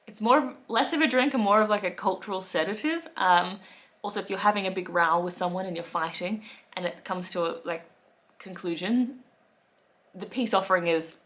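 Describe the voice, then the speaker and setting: A young Australian woman in casual chat to camera, playful and quick to laugh, acting out little quoted voices. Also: mid-range voice, fairly bright tone. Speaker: vlogger.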